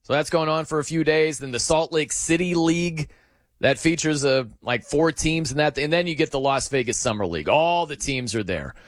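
Male sports radio host, lively, high-ish voice, dry close mic, animated storytelling. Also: normal speed, no room sound. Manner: animated, excitable storytelling with dramatic pitch swings. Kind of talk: casual sports talk monologue.

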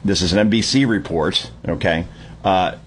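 A man hosting a Sunday morning talk radio show, giving an opinionated, sarcastic monologue that climbs into yelling. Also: low voice, normal speed, a little hiss or hum. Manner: animated, sarcastic, prone to yelling. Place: at the shore.

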